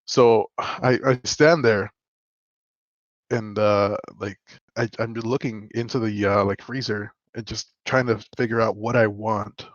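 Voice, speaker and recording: A man's voice: lowish voice, steady tone, unhurried, dry recording, lo-fi sound. Rambling young man telling a story. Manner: rambling storyteller, many fillers. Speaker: podcast co-host. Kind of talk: casual chat.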